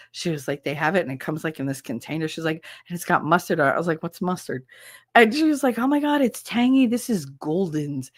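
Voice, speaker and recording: A woman streamer chatting casually while she works, telling animated stories, laughing often and acting out the people she quotes. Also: fairly low pitch, no echo, clean studio sound. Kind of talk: casual chat while doing a task.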